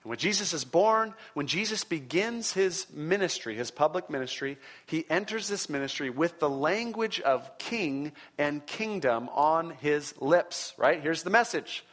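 A male preacher with a voice pitched somewhat high for a man. He teaches in a conversational yet emphatic way and often chuckles between points. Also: lively intonation, a little slow, hardly any pauses, fairly bright tone. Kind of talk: sermon teaching.

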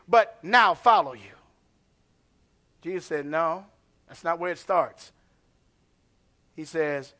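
A man preaching a sermon as pastor. He swings from hushed asides to shouted lines and calls out to the congregation. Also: fairly high pitch, slow, pauses often.

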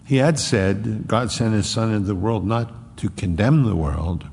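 A man's voice: fairly low pitch, measured pace, gravelly, a little mellow, long reverb tail, a little hiss or hum. A man preaching a sermon as a pastor, with emphatic repetition.

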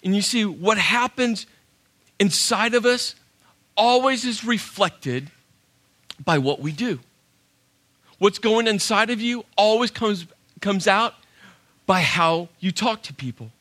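A man preaching a sermon as pastor, telling a personal story in an animated way and acting out his own inner dialogue. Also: high-pitched, takes it slowly, pauses often.

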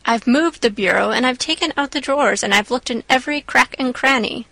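A woman's voice: high-pitched, brisk, vocal fry, sharp tone, dry recording, exaggerated voice, poor audio. A woman voicing a stern, strict older female guardian who speaks firmly and curtly. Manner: firm, clipped.

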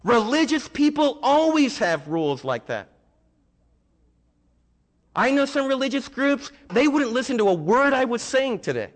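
A man's voice: very high-pitched, very animated, a little slow, big-room sound. A man preaching a sermon in a church, conversational and humorous as he tells stories. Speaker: pastor. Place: church sanctuary.

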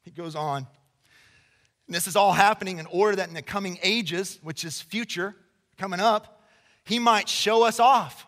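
A man preaching a sermon to a congregation, emphatic and conversational, swinging between loud declarations and hushed passages. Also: sits high, moderate pace. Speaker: pastor. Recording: long reverb of a large hall.

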